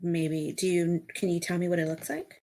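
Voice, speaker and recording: Calm woman player asking questions. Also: on the low side, normal speed. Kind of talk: tabletop role-play.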